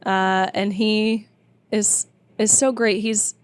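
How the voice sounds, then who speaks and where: A young woman in her twenties talks as a guest in a casual interview. She speaks in a chatty, emphatic way at a mid-range pitch, in a dry, close-sounding recording. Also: flat delivery, slow, smooth, no room sound. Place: tour bus.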